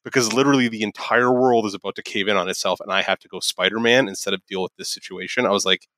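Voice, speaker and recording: Casting: low-voiced man, quick bright delivery, dry close mic, loose podcast banter. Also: dry recording. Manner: animated, swears freely. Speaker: podcast co-host. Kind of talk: casual chat.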